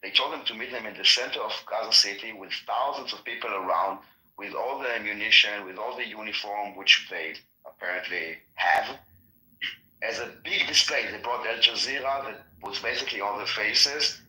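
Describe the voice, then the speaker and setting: Male podcast guest, earnest and halting, bright edgy tone, roomy echo. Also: fairly low pitch. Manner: earnest, halting with many restarts. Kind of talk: casual political discussion.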